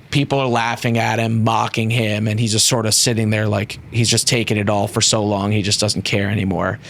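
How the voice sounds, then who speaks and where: A man narrating a tabletop game as game master, in an animated, casual storytelling way with frequent fillers. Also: fairly low pitch, slight background noise.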